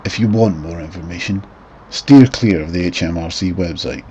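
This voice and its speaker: A man voicing a deep-voiced mock advert announcer with a sarcastic, official-sounding delivery. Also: normal speed, mellow, close to an everyday voice. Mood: mock-serious. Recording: muffled lo-fi with faint noise.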